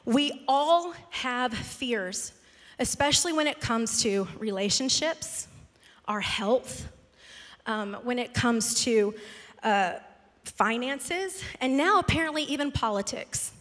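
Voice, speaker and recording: A woman pastor preaches with a high, bright, ringing voice. She tells her story animatedly and pokes fun at herself. Her voice carries a long reverb from a large church hall. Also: slow pace. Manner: animated, self-mocking storytelling. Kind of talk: storytelling sermon. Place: church sanctuary.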